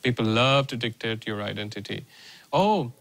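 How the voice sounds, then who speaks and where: A man from India, talking in a casual, animated documentary interview, blunt and quick to swear, often restarting his words. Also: mid-range voice, rough recording.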